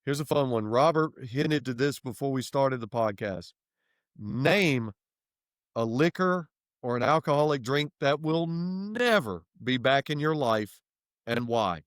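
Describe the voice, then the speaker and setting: A man co-hosting a podcast, talking loudly and excitedly with a booming voice. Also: measured pace, dry recording, studio quality. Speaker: podcast co-host. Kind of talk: casual chat. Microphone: podcast microphone.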